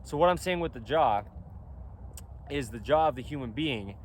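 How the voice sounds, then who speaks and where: A man speaks outdoors in a casual vlog, his pitch rising and falling in lively swings. He is emphatic and insistent and keeps repeating his points. Faint wind and traffic sit behind him. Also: normal speed. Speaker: clothing company founder. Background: faint wind and traffic noise.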